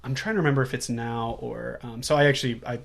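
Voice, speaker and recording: A man's voice: mid-range voice, fairly even intonation, gravelly. A man co-hosting a casual movie podcast, recapping the plot in a laid-back way and often laughing. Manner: laid-back, quotes characters in quick asides, laughs often.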